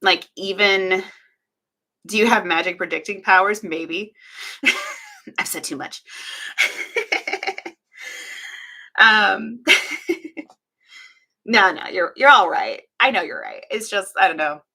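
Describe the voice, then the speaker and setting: A woman's voice: mid-range voice, animated, slow, pauses often, sharp tone, husky. A woman chatting casually on a live stream, talking to her chat with frequent laughs and sarcastic, self-deprecating asides.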